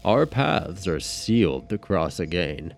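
A man's voice: deep voice, big pitch swings, gravelly, heavily acted. A man doing a chilling old Scotsman. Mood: sinister. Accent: Scottish. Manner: slow, chilling, clipped. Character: sinister old Scottish man, cold, cryptic.

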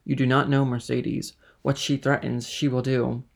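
Guy voicing a brooding lovesick young man, grim and intense, gravelly. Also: medium pitch, little pitch movement, normal speed. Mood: brooding despair.

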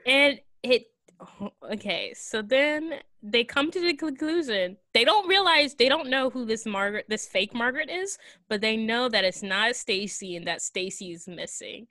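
A woman casually recapping a film plot in a chatty, rambling way, full of fillers and quick giggles. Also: fairly high pitch, expressive, sharp tone, no echo. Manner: rambling, giggly retelling with many fillers and acted quotes. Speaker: podcast co-host recapping a film. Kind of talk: casual chat.

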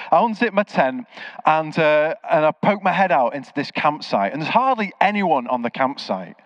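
A man's voice: on the high side, dry recording. A man preaching a sermon, telling stories and acting out the voices of the people in them. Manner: animated storyteller, acts out quoted voices. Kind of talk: sermon with storytelling. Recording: slightly dull, dry sound.

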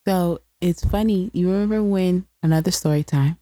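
A woman co-hosting a casual chat, a mother telling animated stories and teasing competitively. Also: lowish voice, normal speed, no echo, clean studio sound. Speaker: podcast co-host, mother.

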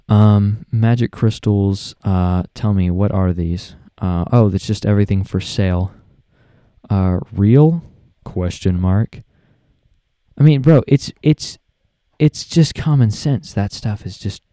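A man's voice: on the low side, no room sound, studio quality. Sarcastic guy ranting on a podcast. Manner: exasperated, sarcastic, animated ranting. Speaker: podcast host. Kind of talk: casual ranting podcast monologue.

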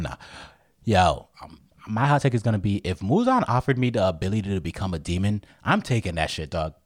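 Laid-back low-voiced man, dry mic. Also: no echo. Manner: laid-back, profane slang-heavy banter. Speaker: podcast co-host. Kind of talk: casual podcast chat.

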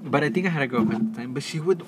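A man's voice: medium pitch, racing. Playful young man on a noisy mic. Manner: animated storytelling, playful, acts out quotes. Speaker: podcast co-host. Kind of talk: casual chat. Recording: noisy, corrupted mic audio.

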